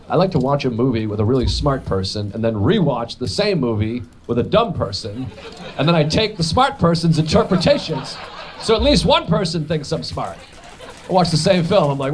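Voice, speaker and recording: A man doing a stand-up comedy routine, rambling and self-mocking, with crude jokes and quick voiced asides. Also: a little high, background noise.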